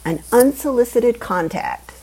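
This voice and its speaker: A woman's voice: a little high, expressive, measured pace, dark tone, breathy edge, pitched above the performer's own voice, heavily acted, rough recording. A woman reading a novel aloud and voicing a small, balding, dumpling-shaped male watcher who talks in a prim, exasperated, over-explaining way. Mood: fussy, exasperated.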